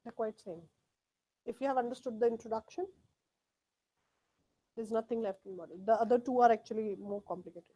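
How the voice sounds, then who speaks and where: A woman's voice: fairly high pitch, fairly even intonation, brisk, pauses often, warm tone. A woman teaching a live test class, drilling pronunciation by repeating words. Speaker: English test tutor.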